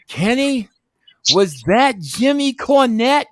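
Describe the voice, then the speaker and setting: Sixty-something guy doing a squeaky hyped-up bro, stretching every word out. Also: sing-song, no room sound, clean studio sound, heavily acted. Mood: gleeful. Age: 60s. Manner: shrill, drawn-out exclamations, calls everyone bro. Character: excitable gleeful male podcast host.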